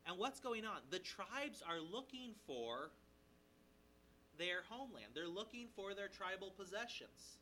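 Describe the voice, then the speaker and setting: High, bright-voiced male pastor preaching. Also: slight background noise, poor audio. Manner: animated, voices the characters' lines in quick asides; conversational, checks in with the listeners. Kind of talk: sermon, expository Bible teaching.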